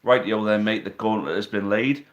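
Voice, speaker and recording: Streaming casually from his living room with a phone on a tripod, a man chats, reads questions from viewers and teases them. He speaks at normal speed with a fairly low pitch.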